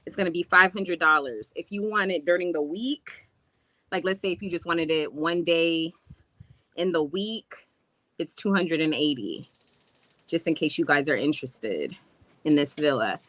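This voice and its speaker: A woman chatting to viewers in a casual live stream while showing a rental villa, talking in a slangy, relaxed way. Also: deep voice, normal speed, no room sound. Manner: chatty, addresses viewers, drops into slangy speech. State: out of breath from climbing stairs. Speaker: vlogger touring a rental villa.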